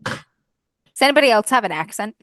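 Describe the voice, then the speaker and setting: A woman playing in a tabletop game, chatting fast and saying like a lot. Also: fairly high pitch, no echo, clean studio sound. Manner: lively and quick, says like a lot. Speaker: player. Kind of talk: casual tabletop game chat.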